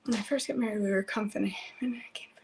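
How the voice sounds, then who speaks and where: A woman talks fast in a medium-pitched, creaky, darkish voice with fairly even intonation, captured in a reverberant room with slight background noise and low recording quality. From her home kitchen she hosts a live cooking show, chatting with herself and viewers in folksy slang as she goes.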